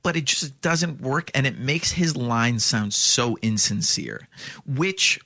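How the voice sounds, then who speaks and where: A man's voice: mid-range voice, lively intonation, takes it slowly, bright, forceful tone, no room sound. A man co-hosting a podcast, talking casually about a film, blunt and sarcastic, with rambling restarts. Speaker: podcast co-host.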